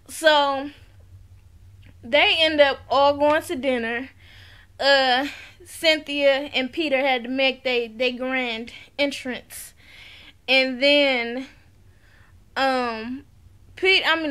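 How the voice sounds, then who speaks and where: A woman chatting casually to camera in a reality TV recap, sassy and quick to laugh. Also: high voice, pushed and bright, clear, resonant tone. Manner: chatty and sassy, talks straight to viewers; laughs often.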